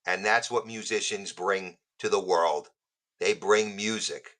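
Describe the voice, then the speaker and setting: Musician guy on a podcast, bright voice, loose joking stories. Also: deep voice, steady tone, measured pace, poor audio. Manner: joking storyteller. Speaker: podcast guest. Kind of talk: casual podcast chat.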